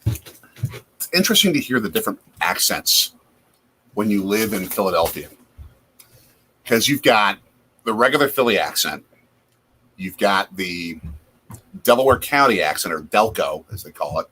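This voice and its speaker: A man's voice: fairly low pitch, animated, a little slow, long pauses, sharp tone, slightly rough. A man from Wisconsin hosting a casual live chat over a football game from his home basement, reacting aloud to plays. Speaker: host.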